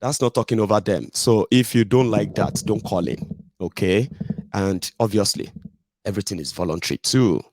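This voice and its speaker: A man's voice: on the low side, moderate pace, a little mellow, dry recording. Blunt Nigerian man hosting his podcast. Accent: Nigerian English. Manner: digressive, blunt, peppered with pidgin tag questions. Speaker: podcast host. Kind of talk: casual ranting monologue.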